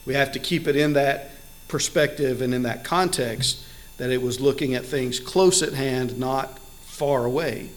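A man's voice: mid-range voice, measured pace, low-quality recording. A man preaching a sermon earnestly, stressing key words and building emphasis, with occasional fillers and restarts. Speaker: pastor.

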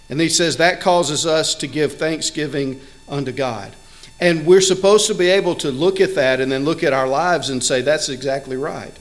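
A man delivers a sermon in an earnest, building way, leaning hard on the words he wants to land. His voice sits a little high for a man. He stumbles and restarts now and then like a pastor speaking without a script. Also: moderate pace, rough recording. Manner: earnest, builds emphasis on key words, with some fillers and restarts.

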